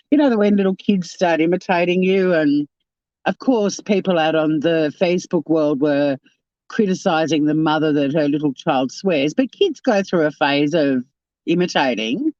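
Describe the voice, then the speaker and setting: A chatty livestream host talking loosely to viewers, cursing freely and laughing along. The voice sits at a middling pitch. The sound is dull and lo-fi, close and dry. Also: expressive, moderate pace, darkish tone, no echo. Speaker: livestream host reading chat. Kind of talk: casual live chat.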